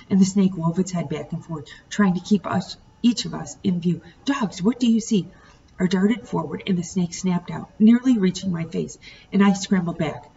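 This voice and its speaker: A woman teacher reading a novel aloud to her students, pausing to ask the class questions. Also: fairly low pitch, creaky, dark tone. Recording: distant muffled home recording, faint hiss.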